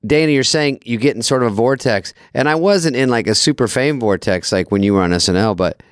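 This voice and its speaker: A chatty middle-aged man hosts a podcast and cuts in with questions. His mid-pitched voice is smooth and resonant, heard dry and close. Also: a little fast, no room sound. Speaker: podcast host. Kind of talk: casual chat.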